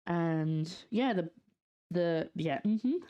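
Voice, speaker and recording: A woman's voice: fairly low pitch, very slow, clean tone, dull audio. Chatty Scottish woman cooking on stream. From Scotland. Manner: chatty, reads out and answers chat, trails off in fillers. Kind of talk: casual cooking livestream chat. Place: home kitchen.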